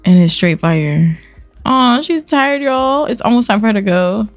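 Animated young woman doing game commentary. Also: on the high side, a little slow, soft background music. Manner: animated, slangy, talks to viewers. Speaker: let's play host.

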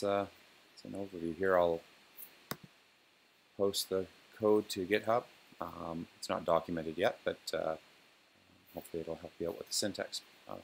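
A man casually walking through a software demo and speaking commands to an on-screen robot, with plenty of ums and uhs. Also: deep voice, gravelly, a little hiss or hum. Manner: relaxed, filler-heavy, talks plainly to a robot program. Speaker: developer demonstrating software.

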